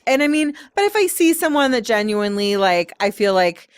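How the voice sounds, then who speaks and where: A woman's voice: a little high, big pitch swings, fairly quick, smooth, no room sound, studio quality. A woman who is a guest, talking candidly and rambling a little in a casual chat, and laughing easily.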